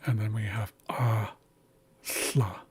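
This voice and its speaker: Slow, breathy man teaching pronunciation. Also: medium pitch, darkish tone. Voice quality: very breathy, husky. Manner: patient, deliberate, models words slowly and repeats them. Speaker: language teacher. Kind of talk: slow instructional walkthrough.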